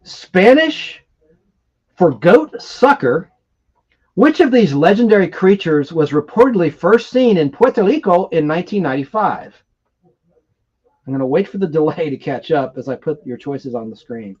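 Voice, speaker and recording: A man hosting a live stream in a rambling, excitable manner, chatting casually and reading viewer comments aloud between trivia questions. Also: a little high, moderate pace, breathy edge, highs cut off. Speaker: livestream host.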